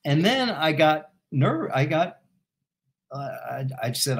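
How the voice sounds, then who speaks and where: A man who is a guest and former football team executive, telling an anecdote in an animated way and laughing as he goes. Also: medium pitch, moderate pace. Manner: animated, laughing while he tells it. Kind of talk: storytelling anecdote in interview.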